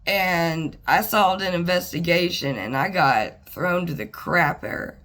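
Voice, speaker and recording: A woman talking to the camera in a personal, reflective monologue, halting and earnest, with pauses and sighs. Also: on the low side, a bit bright. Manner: earnest and plainspoken. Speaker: vlogger.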